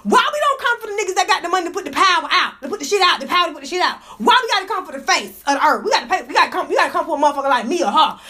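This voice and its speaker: A woman with a very high, piercing voice rants through a casual gossip livestream. She swears freely and laughs often, and her sharp, bright tone comes straight through a phone mic indoors. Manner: profane, fired-up ranting, laughs often. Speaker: livestream host.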